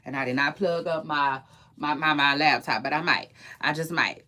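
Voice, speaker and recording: A woman's voice: low-pitched, normal speed, bright, forceful tone. A young adult woman chatting casually to viewers in AAVE, opinionated and rambling, often repeating words and trailing off mid-thought. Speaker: gossip and entertainment commentator.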